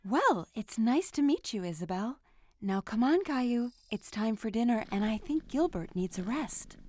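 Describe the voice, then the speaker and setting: A woman voicing a gentle, affectionate mother in a children's cartoon, speaking in a motherly way. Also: a little high, big pitch swings, normal speed.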